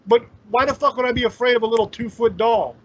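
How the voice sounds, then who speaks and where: A man's voice: very high-pitched, fairly even intonation, fast talker. A man hosting a casual chat, talking bluntly and emphatically with plenty of swearing. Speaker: podcast host. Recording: dull lo-fi audio.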